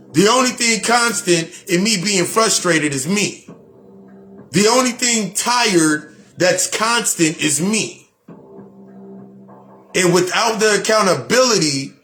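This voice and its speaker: Blunt, preachy man speaking fairly high. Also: pushed and bright. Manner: preachy, repetitive, blunt with profanity. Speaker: spiritual speaker. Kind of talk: motivational monologue.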